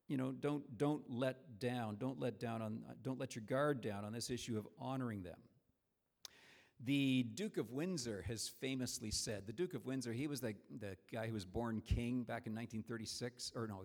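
A man's voice: medium pitch, a little mellow. A man preaching a sermon in a conversational, storytelling way, with frequent restarts.

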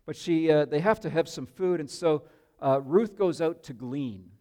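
A man preaching a sermon, telling a story in an animated way with joking asides to his listeners. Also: on the high side, moderate pace.

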